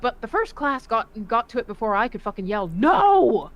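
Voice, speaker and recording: A woman who served in the Navy, telling profane, animated stories in a casual voice chat. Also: on the high side, fast, clean tone, highs cut off. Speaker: Navy veteran storyteller.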